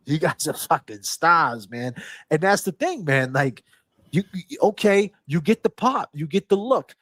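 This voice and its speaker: A man's voice: on the high side, animated, unhurried, a bit bright, no room sound. A man hosting a livestream in casual talk. He is emphatic and profane, preaching and repeating his phrases for force. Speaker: livestream host.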